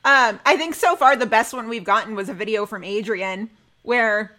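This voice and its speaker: A woman's voice: a little high, normal speed, sharp tone. A young woman co-hosting a fan podcast, chatting casually and gushing with enthusiasm. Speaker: podcast co-host.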